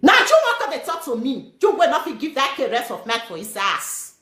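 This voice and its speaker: A woman with a Nigerian Pidgin accent, high-pitched with a wildly swinging voice. She scolds and rants with heat, and her voice rises to shouts. The sound is echoey, as if from a bare room. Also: normal speed. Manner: animated, scolding, shouting at times. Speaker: guest telling her story. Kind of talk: heated live-stream talk.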